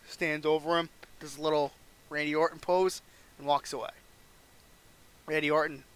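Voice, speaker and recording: A man's voice: fairly high pitch, a bit bright, clean tone, no room sound. A man casually narrating a wrestling management game playthrough, recapping matches and reading scores aloud.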